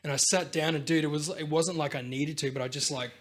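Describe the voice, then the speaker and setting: A young man chatting on a podcast, his voice sitting a bit high for a man. He tells stories with lots of energy, swears freely and acts out what other people said. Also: fast talker. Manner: animated storyteller, swears freely, acts out quotes. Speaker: podcast co-host. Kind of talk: casual podcast chat.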